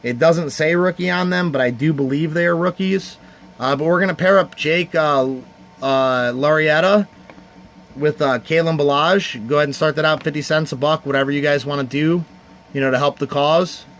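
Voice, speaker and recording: A man's voice: a little high, normal speed, fairly bright tone, a little hiss or hum. A man from the Cleveland area hosting a casual livestream charity card auction, heartfelt and rambling as he thanks viewers by name. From Cleveland area, United States.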